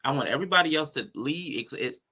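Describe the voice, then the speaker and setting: A man co-hosting a casual livestream, animated and joking as he talks to his chat. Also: on the high side, fast talker, slightly rough. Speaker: livestream co-host.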